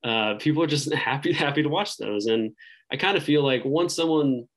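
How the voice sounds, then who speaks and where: A man's voice: mid-range voice, moderate pace, rough recording. Rambling man full of "like" and "um". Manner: rambling, heavy use of "like" and "um"; loose, thinking aloud with frequent restarts. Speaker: podcast guest. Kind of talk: casual interview chat.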